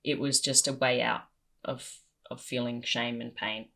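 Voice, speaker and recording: A woman's voice: extremely low pitch, measured pace. Candid, self-deprecating woman comedian. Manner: animated, self-deprecating, swears freely. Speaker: comedian and interview guest. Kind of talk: candid conversational storytelling.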